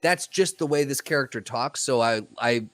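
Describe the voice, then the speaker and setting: A man's voice: mid-range voice, normal speed, a bit bright, no room sound. A man co-hosting a casual podcast, talking expressively, laughing into his sentences and restarting them. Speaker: podcast co-host.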